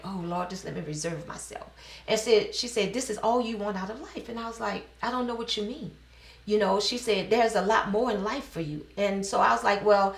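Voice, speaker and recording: A middle-aged woman from New Orleans, a business owner telling her personal story in an interview, animated and acting out the dialogue she quotes. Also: medium pitch, distant mic. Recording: echoey room.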